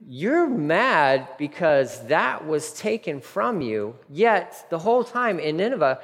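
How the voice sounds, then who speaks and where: Man doing God, exasperated, pointed questions, raised lively pitch, long reverb. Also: takes it slowly, exaggerated voice. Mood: incredulous. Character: God, exasperated with a sulking prophet.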